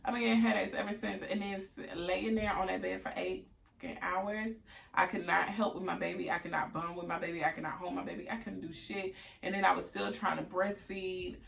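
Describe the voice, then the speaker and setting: A young woman, casually and candidly telling a story to her viewers, with frank, profane, animated quoted reactions. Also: lowish voice, fairly quick, vocal fry, recorded from a distance, a little hiss or hum. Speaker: vlogger.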